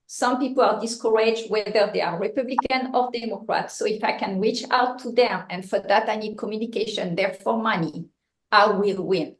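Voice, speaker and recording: A woman running for local office, giving an impassioned, joking and blunt campaign speech at a meeting. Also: medium pitch. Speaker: political candidate. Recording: echoey meeting room.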